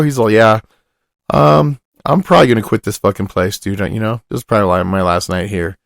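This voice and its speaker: A man's voice: fairly low pitch, a little fast, gravelly, dry recording, studio quality. A young man telling a long rambling story on a podcast, swearing often and dropping his voice to quote other people. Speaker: podcast host. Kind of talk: casual storytelling.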